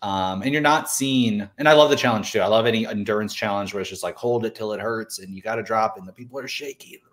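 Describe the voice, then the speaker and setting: A man's voice: on the low side, fast talker. A man co-hosting a recap podcast, rambling in loose, joking casual chat. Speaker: podcast co-host.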